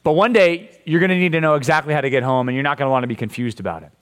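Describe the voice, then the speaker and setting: A man preaching a casual, energetic youth sermon, joking and asking rhetorical questions as he walks through a Bible passage. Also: on the high side, very fast. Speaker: youth pastor.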